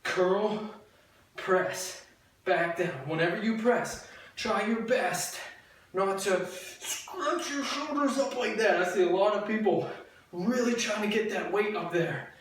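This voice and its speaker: A woman's voice: mid-range voice, takes it slowly. Upbeat woman coaching a workout in an echoey room. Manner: upbeat, chatty and jokey, cueing moves as she does them. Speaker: fitness instructor. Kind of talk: workout coaching while exercising. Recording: very echoey room, distant mic, audible noise.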